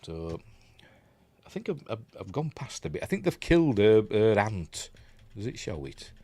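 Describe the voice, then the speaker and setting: A man's voice: fairly low pitch, sing-song, moderate pace, darkish tone. A Yorkshire man giving a casual, rambling scene-by-scene commentary on a film, often correcting himself and chuckling. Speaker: film reviewer.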